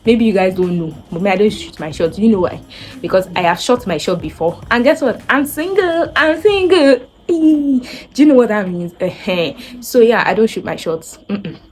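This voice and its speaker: A young woman in her twenties with a Nigerian accent, telling a story to camera in a lively, casual way and acting out what people said. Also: lowish voice, fairly quick, faint music behind. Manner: animated, acts out quoted voices. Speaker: vlogger.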